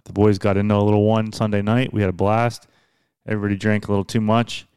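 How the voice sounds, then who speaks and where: A man's voice: lowish voice, flat delivery, fast, darkish tone, clean tone, no room sound, clean studio sound. A man hosting a podcast, chatting casually and teasing his guest. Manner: joking, teasing. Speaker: podcast host. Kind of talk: casual chat.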